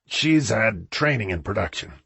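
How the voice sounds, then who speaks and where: A man's voice: on the low side, expressive, normal speed, vocal fry, a bit bright, breathy edge, no echo, heavily acted. A man voicing a defensive, sleazy boss in an audiobook, speaking curtly and evasively. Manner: curt and evasive. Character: defensive, sleazy middle-aged male boss.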